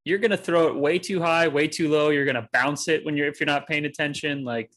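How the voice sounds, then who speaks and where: A man in his twenties co-hosting a podcast in a relaxed, chatty way. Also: fairly high pitch, a little fast. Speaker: podcast co-host. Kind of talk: casual chat.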